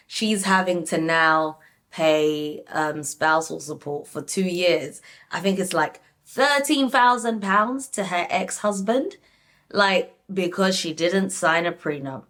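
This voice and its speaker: A young woman casually reviewing a reality show, animated and talking straight to her viewers with lots of "like". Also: on the low side, slow pace. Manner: animated, frequent "like", addresses viewers. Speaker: reality TV recap YouTuber.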